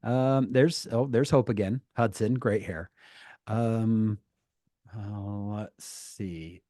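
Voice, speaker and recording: A man's voice: lowish voice, takes it slowly, mellow, no room sound, clean studio sound. A man hosting a youth group on a video call, greeting each person in a playful, teasing way. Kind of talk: casual chat on a video call.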